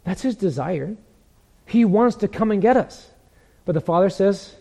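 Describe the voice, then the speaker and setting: A man preaching a sermon with impassioned, emphatic delivery, slowing down to read scripture aloud. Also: sits high, lively intonation, creaky, dark tone. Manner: impassioned, rising to emphatic peaks, reads scripture slowly.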